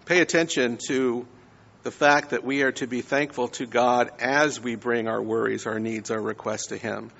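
A man's voice: medium pitch, fairly even intonation, normal speed, vocal fry, a bit bright, in a large hall, highs cut off. A man giving a conversational sermon, often checking in with his listeners. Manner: conversational, frequent "right?" tags. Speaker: preacher.

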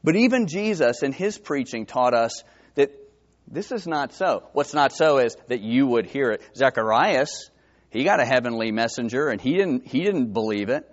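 A man from New Jersey with a New Jersey accent, preaching a sermon that swings from hushed to emphatic. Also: mid-range voice, lively intonation, moderate pace. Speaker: pastor. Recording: dull lo-fi sermon recording.

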